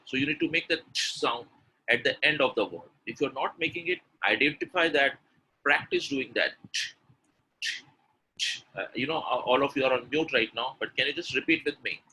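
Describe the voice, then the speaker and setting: A man's voice: medium pitch, moderate pace, pushed and bright, a little hiss or hum, poor audio. A man teaching pronunciation in a live webinar, coaxing and repeating himself as he speaks to attendees directly. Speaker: English pronunciation coach.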